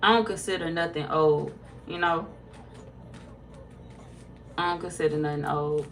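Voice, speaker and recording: A woman's voice: low voice, unhurried, a little hiss or hum. Laid-back woman chatting on a livestream. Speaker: tarot reader. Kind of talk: casual livestream chat reading viewer comments.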